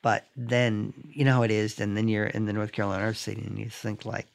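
A man, an artist, chatting casually in a reflective, halting way with many fillers. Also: lowish voice, level tone, vocal fry. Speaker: artist in conversation. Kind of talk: casual chat.

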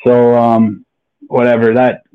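Man, podcast guest, blunt profane storytelling, mid pitch, tinny phone-like sound. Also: completely flat delivery, slow pace, clean tone. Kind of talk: candid personal storytelling. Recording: phone-like narrow line.

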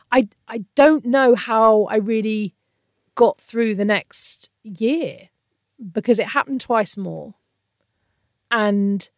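A woman in her thirties, appearing as a guest, recounts a painful personal story with earnest emotion and animated quotes of other people. Her mid-range voice is captured in a dry, studio-quality recording.

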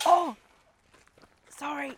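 A woman's voice: high-pitched, steady tone, drawn-out words, a little hiss or hum. A woman podcast co-host chatting casually and self-mockingly while walking in the countryside. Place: outdoors, countryside walk.

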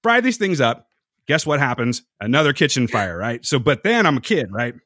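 With a mid-range voice at moderate pace, a man hosts a podcast, the sound clean and studio-dry with no echo. He tells rambling, profane stories in a casual chat, animated and hopping between anecdotes.

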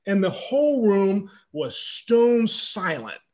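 A man in his fifties, an author interviewed as a guest, telling animated stories with frequent laughter. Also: sits high, takes it slowly, crowd noise, low-quality recording. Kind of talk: conversational interview storytelling.

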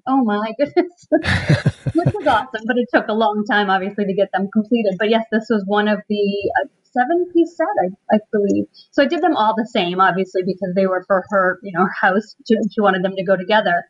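A woman's voice: mid-range voice, brisk, slightly rough. A woman talking in a casual interview, chatty and given to laughs, with many "um"s and restarts. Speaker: furniture refinisher, contest winner. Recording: slightly dull lo-fi sound.

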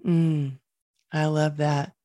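A woman hosting an interview, chatty and enthusiastic, with words often coming out quickly. Her voice sits low for a woman. The sound is close and dry, with no room echo. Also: flat delivery, mellow. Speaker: podcast host. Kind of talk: casual interview chat.

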